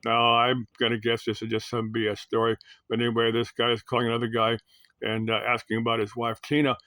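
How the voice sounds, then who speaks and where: Casting: male host, rambling solo commentary, halting delivery, mid pitch, dry close sound. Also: completely flat delivery, pushed and bright, smooth, no echo. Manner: halting, full of uhs and restarts, musing aloud.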